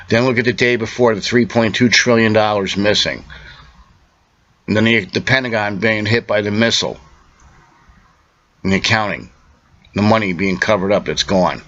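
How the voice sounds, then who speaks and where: Guy ranting to the camera, lowish but sharp forceful voice, insistent and lecturing, muffled lo-fi audio. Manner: insistent, urgent, lecturing, halting with fillers. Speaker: self-made video speaker. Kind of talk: direct-to-camera monologue.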